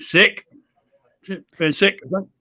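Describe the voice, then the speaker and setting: An English man being interviewed as a guest over a video call, good-humoured and gravelly, chuckling often. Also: sits high, takes it slowly, sharp tone, dull audio. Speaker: interview guest, wrestler and promoter. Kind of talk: casual interview chat.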